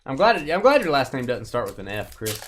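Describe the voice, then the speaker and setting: A man's voice: mid-range voice, very animated, fast, a bit bright, a little hiss or hum. A man hosting a live card break stream, reading out cards and teasing his viewers and co-host in a joking, rambling way.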